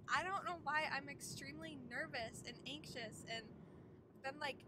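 A woman's voice: sits high, measured pace. A young woman vlogger chatting to her phone camera from a moving car, rambling and giggling often. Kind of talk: casual chat to camera. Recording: car road noise behind.

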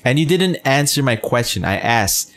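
A man's voice: mid-range voice, animated, moderate pace, a bit bright. A man streaming a game, chatting casually with his chat, teasing, full of fillers and swearing. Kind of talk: casual gameplay commentary, reading chat.

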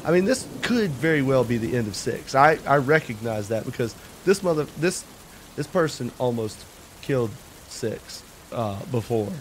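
Male tabletop player, mid-pitched, casual and rambling, faint rain noise. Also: moderate pace. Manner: rambling, animated, with fillers. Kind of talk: casual chat explaining his character.

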